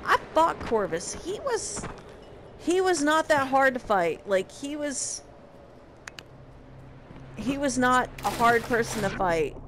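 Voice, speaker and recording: A woman's voice: sits high, sing-song, slow pace, long pauses, background noise. A young woman casually recapping a game, sarcastic and profane in her exasperation. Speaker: game reviewer.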